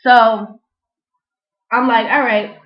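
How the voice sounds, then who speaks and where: Young woman vlogger, high voice, slangy animated storytelling, dull lo-fi recording. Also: extremely slow. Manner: animated, slangy, frequent "you know what I'm saying". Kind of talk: casual storytelling and freestyle rap.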